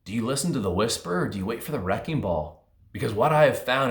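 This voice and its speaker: A man's voice: on the low side, animated, brisk. A man giving an earnest, conversational motivational talk, often restarting his sentences. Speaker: motivational speaker. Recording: roomy echo.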